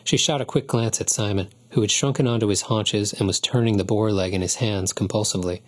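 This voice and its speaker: A man with a low voice narrates an audiobook in a calm, even way. His tone is husky and a little breathy throughout. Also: a little fast, few pauses.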